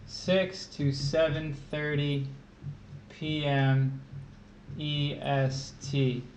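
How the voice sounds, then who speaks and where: A man's voice: fairly high pitch, level tone, extremely slow, reverberant, slight background noise, poor audio. A man hosting a tutoring stream, chatting casually and joking with word puzzles. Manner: jokey, playful with words.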